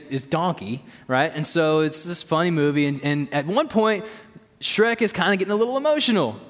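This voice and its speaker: A man's voice: a little high, fairly bright tone. A man preaching a sermon as pastor, in a conversational way with asides to the congregation, heard in an echoey church hall. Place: church sanctuary.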